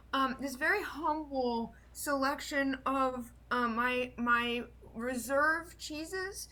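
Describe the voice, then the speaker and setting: A woman with a high, bright voice speaking in character with slow, polite formality. She hesitates often as she offers her words. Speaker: player. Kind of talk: in-character role-play.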